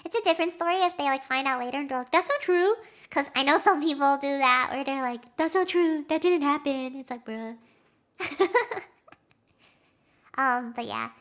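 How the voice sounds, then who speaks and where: High, bright giggly young woman streamer. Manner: chatty, giggly, quick to react emotionally. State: has a headache. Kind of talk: casual chat with a live audience.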